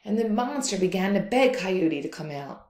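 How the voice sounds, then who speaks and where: A woman teacher telling a story aloud for a lesson. Her voice swings widely in pitch as she acts out the tale. The room leaves a noticeable echo. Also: normal speed. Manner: expressive, lively read-aloud.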